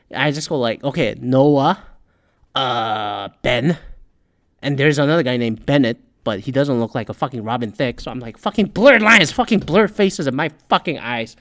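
A man's voice: sits high, dry recording, clean studio sound. A man hosting a podcast, ranting in a loose, profane, rambling way about a reality dating show and often getting heated. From Korean American. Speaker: podcast host. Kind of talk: casual ranting commentary.

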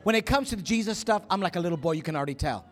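A man preaching, telling a story in an animated way, acting out quotes with gasps and whispers. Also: high voice, racing, some chatter behind. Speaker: pastor. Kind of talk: sermon storytelling.

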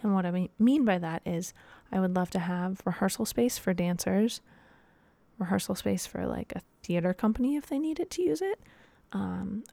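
A woman's voice: mid-range voice, creaky, dark tone, dry recording. A young woman hosting a casual solo podcast, talking in a rambling, chatty way with lots of fillers. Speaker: podcast host and dance teacher.

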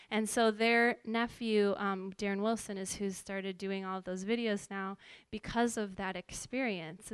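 Woman, worship pastor, smooth clear voice, dry close sound, chatty storytelling. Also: mid-range voice, fairly bright tone, no room sound. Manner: conversational storytelling with fillers and asides. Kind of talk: personal testimony.

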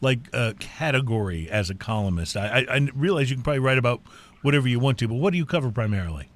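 A man's voice: medium pitch, lively intonation, fast talker, no echo. A man hosting a radio talk show in an upbeat, conversational manner, introducing and interviewing a guest.

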